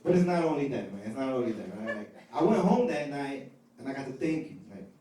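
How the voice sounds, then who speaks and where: A man's voice: mid-range voice, sing-song, brisk, far from the mic, noisy background. A man from Chicago doing a stand-up comedy set, talking in a casual, conversational way and often tagging lines with "right?". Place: comedy club stage. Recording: roomy live club sound from off mic with loud crowd laughter.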